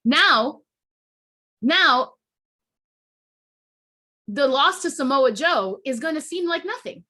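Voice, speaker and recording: A woman podcast host rants in a casual, heated way, swearing freely and breaking off to restart her thoughts. Her voice sits a bit high and sounds bright and sharp. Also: animated, normal speed. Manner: heated, profane, emotional venting with restarts.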